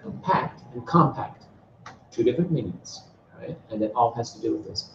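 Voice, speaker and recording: A man's voice: medium pitch, quick pace, noisy background. A man teaching a beginners' Greek class, drilling words for students to repeat and stretching words out to show stress. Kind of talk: classroom lecture. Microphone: far from the mic. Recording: distant, roomy, dull classroom recording.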